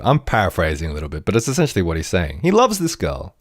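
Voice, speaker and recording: Animated rambling podcast man. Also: sits low, quick pace, dry recording, studio quality. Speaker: podcast host. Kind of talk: casual TV episode review.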